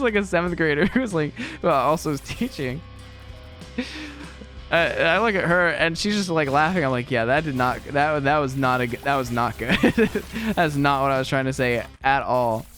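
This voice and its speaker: A young man talks through a game in a loose, rambling way, his pitch sitting a little high and bouncing all over. He laughs often and pokes fun at himself between remarks, with faint game music running underneath. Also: animated, normal speed, a bit bright. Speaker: gaming video creator and teacher. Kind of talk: casual gameplay commentary.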